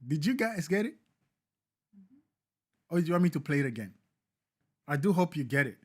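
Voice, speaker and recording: A man's voice: fairly high pitch, very animated, moderate pace, slightly rough. Emphatic, preachy male live-show host. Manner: emphatic, repetitive, preacher-like cadence.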